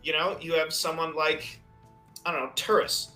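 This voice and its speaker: A man's voice: on the high side, little pitch movement, normal speed, bright, forceful tone, soft background music. A man hosting a tabletop game podcast as game master, talking loosely and filling gaps with "you know". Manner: rambling, peppered with "you know". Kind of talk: casual conversation.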